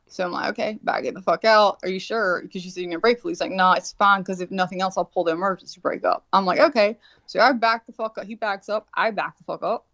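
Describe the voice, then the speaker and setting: A woman's voice: mid-range voice, fast talker, few pauses, no echo. A profane woman telling a story in a muffled, dry recording. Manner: profane, animated, acts out quotes. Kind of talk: casual storytelling. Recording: dull, dry lo-fi sound.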